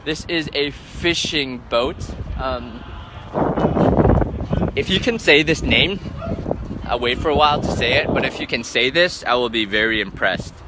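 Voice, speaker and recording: Holding a phone for a live stream, a travel vlogger answers viewer questions outdoors among boats, with noisy surroundings behind him. His mid-range voice is a little slow, and his rambling, casual talk is full of fillers like "um" and "like."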